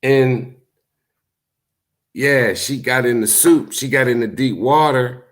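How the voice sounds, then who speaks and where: A man talking casually to his livestream viewers, telling stories in a loose, profane way and acting out what other people said. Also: slow pace. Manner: animated storytelling, acts out quotes in high voices; profane, laid-back. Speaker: YouTube streamer. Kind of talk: casual live-stream commentary.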